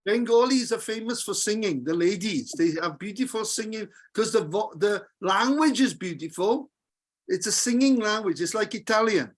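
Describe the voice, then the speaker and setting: A man teaching a casual group lesson, patient and jokey, repeating verses slowly for his students. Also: high-pitched, animated.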